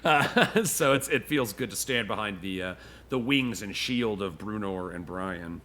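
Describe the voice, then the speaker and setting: A man's voice: fairly low pitch, expressive, measured pace, sharp tone, slight background noise. A man narrating as game master of a tabletop game, in a loose, easygoing way with lots of "you know".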